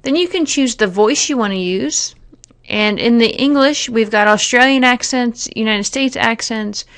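A woman narrating a software tutorial, explaining each step plainly with occasional fillers. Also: on the high side, moderate pace. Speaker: teacher giving a software tutorial. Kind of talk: screen-recorded tutorial narration.

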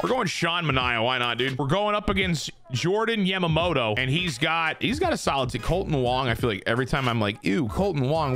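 Here a man streams himself in a baseball video game, cracking jokes and swearing in casual commentary. The delivery is lively, with big swings in pitch.

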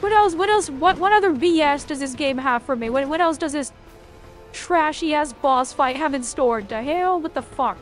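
A young woman with a high voice narrates her own gameplay live, swearing freely and reacting to every hit and dodge. Her talk is quick and loud in the tense moments. Faint game music plays in the background. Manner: excitable, swears a lot, reacts loudly to the game. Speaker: streamer playing a video game.

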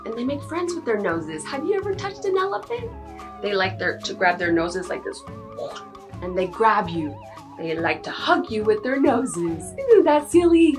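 A woman in her thirties leading a toddler circle-time lesson, switching between English and Spanish and making playful animal sounds. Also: mid-range voice. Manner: sing-song, exaggerated animal sounds and sneezes. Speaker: preschool teacher.

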